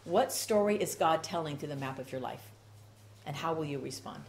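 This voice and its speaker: A woman's voice: deep voice, expressive, normal speed, vocal fry, slight background noise. A woman preaching a sermon with rhythmic repetition and strong emphasis.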